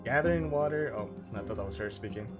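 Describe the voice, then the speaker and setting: A man's voice: fairly low pitch, expressive, fast. Man reading game story aloud over music. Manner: reads aloud, stumbles and laughs at own slips. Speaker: streamer. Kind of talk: reading game text aloud during a playthrough.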